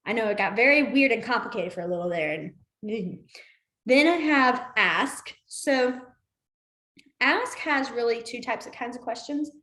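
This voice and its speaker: A chatty woman with a fairly high voice teaches a beginners' class. She talks informally, full of fillers, and laughs often. The sound is echoey, as if from a bare room. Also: a little slow, sharp tone. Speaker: sign language teacher. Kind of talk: casual class instruction.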